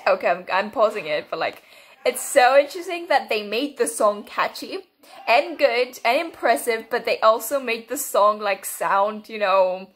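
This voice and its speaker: A young woman giving casual reaction commentary on a TV episode, excitable and often breaking into laughter. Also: a little high, normal speed. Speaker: reaction video host.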